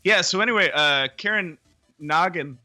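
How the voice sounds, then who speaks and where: Man, podcast co-host, casual chat, rambling, bright slightly high voice. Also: moderate pace, faint music behind. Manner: rambling, self-deprecating, laughs often.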